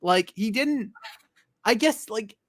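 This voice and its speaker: A man hosting a casual comic chat, rambling, swearing, and retelling scenes in quick quoted voices. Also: high voice, lively intonation, no room sound, clean studio sound. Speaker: podcast host.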